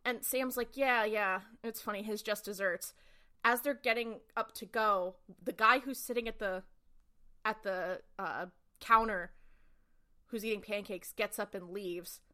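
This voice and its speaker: A young woman co-hosting a podcast, retelling a TV episode in a quick, lively way and acting out the characters' lines. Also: mid-range voice. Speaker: podcast co-host. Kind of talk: casual recap chat.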